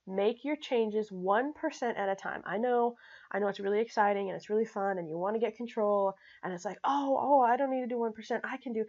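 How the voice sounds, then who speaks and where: An energetic woman teaching personal finance in a casual talk to camera, checking in often with her listeners and making her points bluntly. Her voice sits at a middle pitch and comes through a slightly dull, lo-fi recording. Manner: energetic, frequent "okay?" check-ins, blunt and emphatic.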